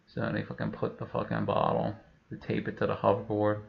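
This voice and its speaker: A man's voice: fairly low pitch, monotone, brisk, vocal fry, muffled recording. A man telling a rambling, profane comic story, full of fillers. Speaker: comedian.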